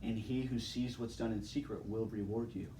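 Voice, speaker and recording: A man's voice: fairly low pitch, steady tone, normal speed, mellow. Young man, casual testimony, laid-back and chatty, laughs a lot, distant mic, faint background noise. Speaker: speaker giving a testimony.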